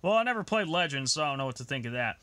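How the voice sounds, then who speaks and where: A man's voice: on the high side, big pitch swings, rapid-fire, bright, forceful tone, no room sound. A young man ranting angrily about a list of video games, swearing constantly. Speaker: gaming vlogger.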